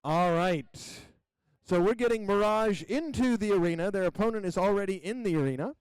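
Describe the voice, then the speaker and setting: High-voiced man announcing robot fights. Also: moderate pace, smooth, no echo, low-quality recording. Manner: energetic play-by-play, calls robots to the arena, counts down. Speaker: combat robot event announcer. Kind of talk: live event commentary. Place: robot combat event venue.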